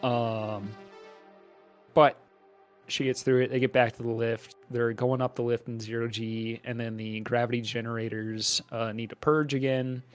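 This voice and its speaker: A man's voice: mid-range voice, little pitch movement, moderate pace, soft background music. A man co-hosting a podcast, casually recapping a movie plot with profane, jokey asides. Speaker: podcast co-host.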